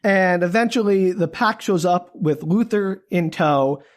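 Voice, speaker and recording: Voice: medium pitch, measured pace. Chatty book podcast host. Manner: chatty, lots of "like" and restarts, laughs at own jokes. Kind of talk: casual book recap chat.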